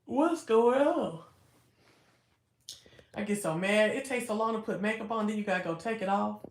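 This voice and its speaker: A woman's voice: mid-range voice, animated, normal speed. A woman in her thirties, chatting casually on a livestream and answering viewers' comments with laughs and asides. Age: 30s. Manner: chatty, laughing, talking back to chat. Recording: echoey room.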